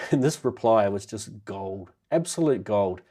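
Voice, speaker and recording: A man hosting a live synth show in casual chat, his voice nasal and muffled from a cold, chatty and quick to laugh as he greets viewers by name. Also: lowish voice, expressive, dark tone.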